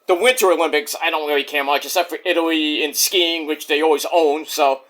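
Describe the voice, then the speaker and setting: A man's voice: fairly high pitch, steady tone, brisk, a bit bright. A man casually reviewing a wrestling show in a rambling, jokey, profane way.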